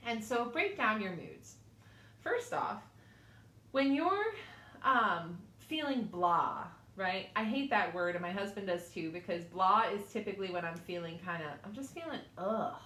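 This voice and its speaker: A woman's voice: medium pitch, lively intonation, measured pace, bright, forceful tone, reverberant. A woman instructor giving an online class lecture from a small studio, talking informally with fillers, personal asides and little laughs.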